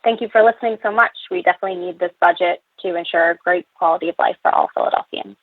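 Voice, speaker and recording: A woman's voice: lowish voice, fast, dry recording. A woman reading prepared testimony at a public budget hearing, earnest, with fillers between her points. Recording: tinny phone line, dry.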